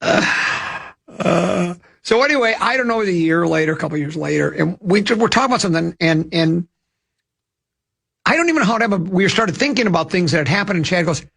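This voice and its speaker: Older male radio host, high-ish gravelly voice, rambling anecdotal chatter. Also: expressive, a little fast, a bit bright. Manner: rambling, with many restarts and self-amused asides. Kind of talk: casual radio chat and storytelling.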